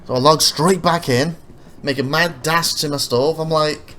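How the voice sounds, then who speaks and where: A man casually commenting over his own gameplay footage as a let's play host, rambling and correcting himself, getting animated when he retells his frustrations. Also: a little high, measured pace, slight background noise.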